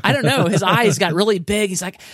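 An enthusiastic man chatting casually about tech, his pitch leaping up when he gets excited. He restarts sentences often as his thoughts race ahead of him. The sound is dry and close. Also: fairly quick, no echo. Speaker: podcast co-host.

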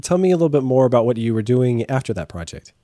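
A man hosting an interview, asking curious follow-up questions in a relaxed, casual way. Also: mid-range voice, fast talker. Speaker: podcast host.

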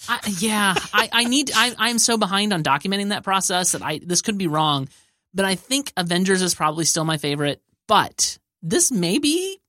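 A woman hosting a casual film review chat, opinionated and quick to laugh. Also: mid-range voice, expressive, pushed and bright, dry recording, clean studio sound. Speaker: podcast host.

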